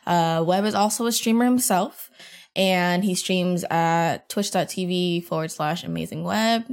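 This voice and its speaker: A woman's voice: lowish voice, unhurried. A woman hosting a casual podcast, chatty and giggly, sometimes searching for words. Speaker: podcast host. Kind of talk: casual chat.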